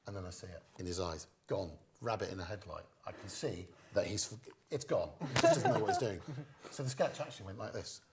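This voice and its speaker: A middle-aged man, a guest comedian, telling stage anecdotes in an interview as a lively storyteller who acts out quoted lines. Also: low-pitched, a little fast, noisy background.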